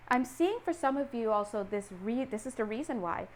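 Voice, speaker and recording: A woman giving a casual tarot reading, animated and playful, acting out little scenes and laughing often. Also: fairly high pitch, measured pace, long pauses, a little hiss or hum. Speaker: tarot reader.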